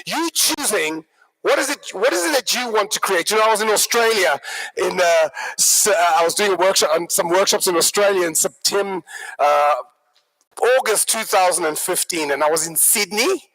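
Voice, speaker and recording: A man giving a live motivational workshop talk, an animated, joking storyteller who addresses the audience directly. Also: high-pitched, normal speed, low-quality recording. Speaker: workshop speaker.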